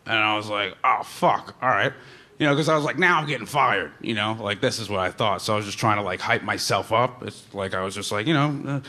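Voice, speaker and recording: Dude rambling through a funny story, bright kinda sharp voice, tons of likes and you knows. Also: male voice, lowish voice, quick pace, few pauses. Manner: rambling, fillers like "like" and "you know", chuckling. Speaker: comedian telling a story. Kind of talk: casual storytelling.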